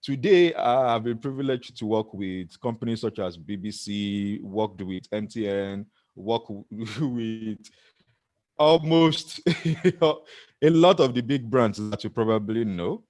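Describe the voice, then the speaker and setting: A middle-aged man with a Nigerian accent gives an earnest motivational talk to camera, frequently laughing at himself. His voice is fairly low and darkish, and he speaks slowly. There's no echo.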